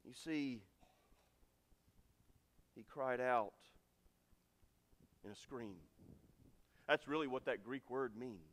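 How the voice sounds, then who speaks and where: A man preaching a sermon with dramatic swings from loud, emphatic lines to hushed endings. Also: a little high. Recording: long reverb of a large hall.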